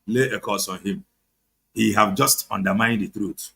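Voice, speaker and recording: Fired-up Nigerian man, gravelly and bright. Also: lowish voice, fairly even intonation, moderate pace. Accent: Nigerian, Igbo-speaking. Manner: heated, sarcastic, mixes English with Igbo. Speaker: online show host. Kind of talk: impassioned political commentary.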